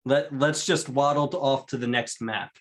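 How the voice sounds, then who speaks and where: A man playing in a casual tabletop game, thinking aloud with hesitant pauses and chuckles. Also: mid-range voice, fairly even intonation. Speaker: player.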